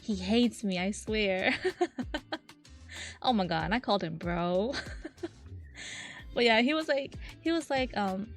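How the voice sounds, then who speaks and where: A woman's voice: mid-range voice, a little slow, pauses often, soft background music. A young woman streamer in casual chat, telling a story with lots of giggles and quoting the people she talks about.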